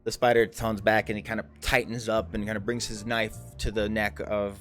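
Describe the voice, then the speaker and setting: A man's voice: fairly low pitch, level tone, moderate pace, a bit bright, soft background music. A man narrating a tabletop game as game master, rambling with many fillers and restarts.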